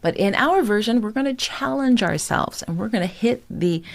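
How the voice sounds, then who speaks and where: Her voice a little high, with vocal fry, a woman coach gives an animated singing lesson at a moderate pace. She encourages her student, explaining technique and singing brief phrases to demonstrate.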